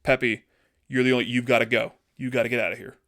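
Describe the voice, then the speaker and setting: A man playing a brave fox squad leader, loud urgent orders, space dogfight hero. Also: mid-range voice, level tone, fast talker, dry recording, studio quality, lightly acted. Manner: yelling orders. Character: heroic male fox squadron leader, commanding father.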